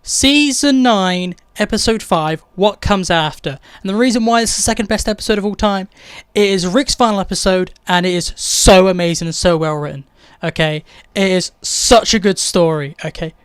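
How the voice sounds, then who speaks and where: High, clear-voiced enthusiastic man. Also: normal speed, no echo, clean studio sound. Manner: enthusiastic, gushing, repeats superlatives. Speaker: video host. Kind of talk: casual episode ranking commentary.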